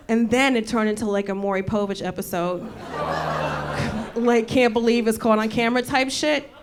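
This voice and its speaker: Woman comedian host, high voice, animated and profane storyteller, loud laughing crowd behind. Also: moderate pace. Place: stage before a live audience. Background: audience laughter.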